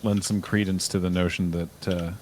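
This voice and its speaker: A man's voice: deep voice, level tone, normal speed, darkish tone, slight background noise. A man hosting a multiplayer game stream, chatting casually and explaining the game to viewers step by step. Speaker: stream host. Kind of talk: casual gameplay chat.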